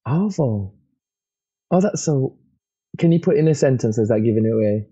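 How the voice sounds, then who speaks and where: A playful man with a northern English accent chats as a guest and laughs easily. His voice is mellow and a little husky. The sound is dull and lo-fi, like a remote call. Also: mid-range voice, expressive, moderate pace. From northern England. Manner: playful, giggly, chatty. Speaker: guest, comedy content creator. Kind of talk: casual interview chat.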